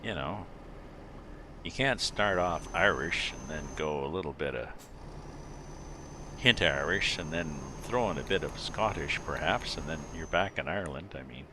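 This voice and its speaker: Truck engine and road noise from a driving game hum steadily behind this middle-aged streamer. His rumbling, low, gravelly voice moves at a moderate pace as he rambles through casual chat with viewers, thinking aloud with lots of fillers.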